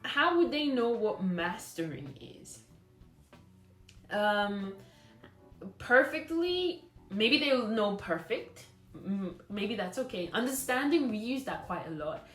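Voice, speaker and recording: A woman's voice: mid-range voice, sing-song, takes it slowly, fairly bright tone, roomy sound, soft background music. A woman teacher trainer giving a recorded lecture, explaining patiently and thinking aloud with fillers and restarts. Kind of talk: recorded lecture on lesson scripts.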